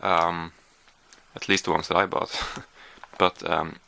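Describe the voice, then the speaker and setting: Deep-voiced man doing a candy taste test. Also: little pitch movement, takes it slowly, creaky, pushed and bright, slight background noise. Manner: chatty, hesitant with many fillers, talking while chewing. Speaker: vlogger. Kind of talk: casual taste-test vlog.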